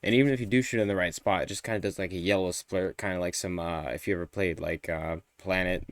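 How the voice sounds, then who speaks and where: A man with a fairly low voice reacts to a game interview on his stream. He rambles loosely and swears freely, and the sound is dry and close with no room around it. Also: fairly even intonation, fast talker, dry recording. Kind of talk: casual live-stream reaction.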